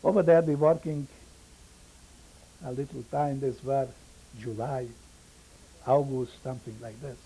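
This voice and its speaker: An older man whose first language is Yiddish, giving oral history testimony in halting English and pausing to search for words. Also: mid-range voice, fairly even intonation, mellow, breathy edge, rough recording. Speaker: interviewee, survivor.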